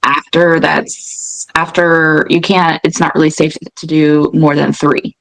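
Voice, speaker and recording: A woman with a fairly low voice talks in a casual, conversational way and often stops to rephrase. The recording is dry and close. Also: level tone, takes it slowly, creaky, a bit bright, no room sound, low-quality recording. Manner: conversational, with frequent restarts and fillers. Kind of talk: casual chat.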